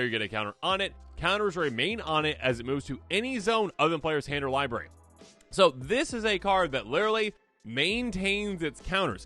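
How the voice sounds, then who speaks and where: A man hosting a casual deck review, jokey and animated, who talks straight to imagined opponents. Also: fairly high pitch. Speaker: host.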